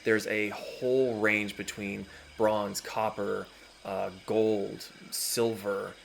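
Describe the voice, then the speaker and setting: A man's voice: on the low side, little pitch movement, slow, gravelly, slight background noise. A man narrating a tabletop game as dungeon master, describing scenes at an easy pace with many fillers.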